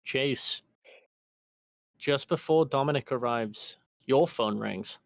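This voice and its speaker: A man running a tabletop game as game master over voice chat, halting and full of restarts. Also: mid-range voice, vocal fry, no room sound, studio quality.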